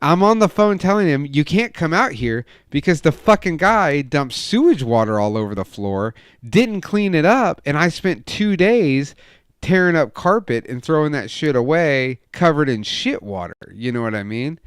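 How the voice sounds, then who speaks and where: A young man on a casual podcast, telling a heated story full of swearing and acting out quoted lines loudly. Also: moderate pace, smooth, no echo, clean studio sound. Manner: profane, animated storytelling, acts out quotes with loud raised pitch. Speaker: podcast co-host.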